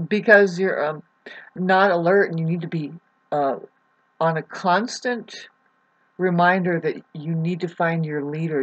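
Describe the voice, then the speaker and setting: A husky, slightly breathy woman in her forties muses aloud about astrology in a loose, wandering way. She stops and restarts often and leans on plenty of "um"s. The lo-fi recording sounds dull and muffled. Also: low voice. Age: 40s. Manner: halting, with many fillers and restarts. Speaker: astrology vlogger. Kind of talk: casual rambling astrology talk.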